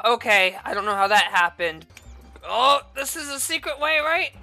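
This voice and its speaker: A woman yelling and swearing at a video game as she plays, bursting into furious shouts. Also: mid-range voice, lively intonation, normal speed, faint music behind. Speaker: gaming video creator. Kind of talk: angry gameplay commentary.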